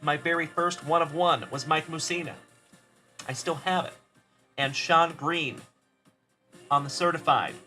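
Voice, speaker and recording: On a trading card break stream with soft music in the background, a man with a high-side voice speaks unhurriedly, leaving long pauses. His tone is sharp but upbeat and friendly as he opens cards and greets viewers by name.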